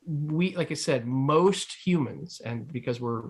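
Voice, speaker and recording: A man's voice: fairly high pitch, unhurried, breathy edge. A man speaking as a guest author, answering questions in a loose, discursive way with frequent restarts. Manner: discursive, restarts often, hedges with "you know". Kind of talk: explaining ideas in a Q&A.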